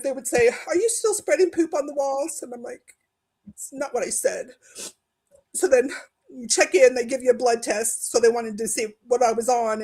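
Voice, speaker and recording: A woman's voice: fairly high pitch, a little mellow, poor audio. A woman telling her own story in an online group discussion, emotional and at times near tears. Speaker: discussion participant. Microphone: video call.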